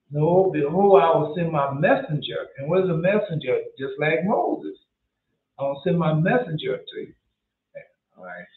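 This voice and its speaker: Emphatic high-voiced male preacher on a tinny line. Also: a little hiss or hum. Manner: repetitive, emphatic, stumbling restarts. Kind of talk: sermon reading and commenting on scripture. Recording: echoey, phone-like narrow sound.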